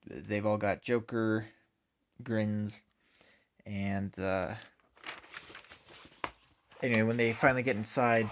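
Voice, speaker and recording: A man's voice: fairly low pitch, vocal fry. A man giving a casual spoken comic book review, hesitant with frequent ums and uhs.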